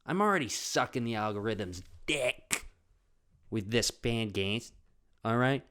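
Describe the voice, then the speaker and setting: A man hosting his podcast, telling comedic stories casually, animated, often swearing. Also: low voice. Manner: animated, swearing, acts out voices in quotes. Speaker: podcast host.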